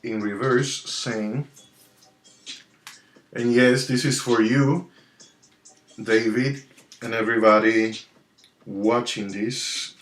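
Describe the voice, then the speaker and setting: A man's voice: mid-range voice, fairly even intonation, slow, long pauses. A man hosting a live tarot card reading, chatting casually and greeting his viewers one by one. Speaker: tarot reader hosting a livestream. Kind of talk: casual livestream chat. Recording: roomy sound with soft music behind. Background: soft relaxing music.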